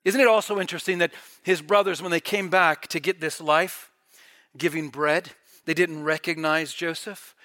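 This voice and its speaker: A man preaching a sermon with fervent delivery, swelling loud and dropping to near-quiet. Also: fairly high pitch, steady tone, moderate pace. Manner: fervent, rising and falling in volume.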